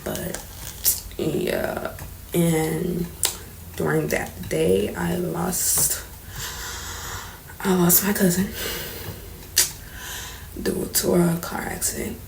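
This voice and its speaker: A woman's voice: lowish voice, sing-song, drawn-out words, creaky, pauses often. A young woman telling a personal story in a casual, candid vlog, slangy and swearing as she goes. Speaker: vlogger telling her story. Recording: roomy echo, faint background noise.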